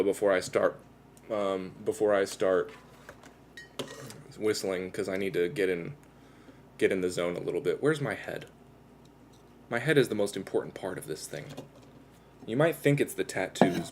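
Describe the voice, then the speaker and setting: A man's voice: low voice, slight background noise. A man chatting casually with his viewers on a livestream, rambling and self-deprecating as he talks while tattooing himself.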